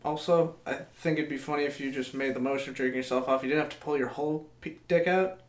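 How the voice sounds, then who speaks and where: A young man co-hosting a casual podcast, chatty and quick to laugh. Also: mid-range voice, steady tone. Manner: chatty, laughs often, plugs the channel. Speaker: podcast co-host. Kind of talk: casual chat. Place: home cellar. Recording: echoey cellar room.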